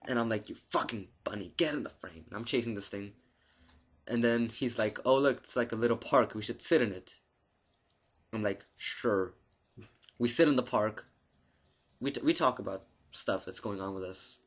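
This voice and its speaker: A young man telling a long story to his camera in a rambling, profane, deadpan way. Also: on the low side, normal speed, dull audio. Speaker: vlogger.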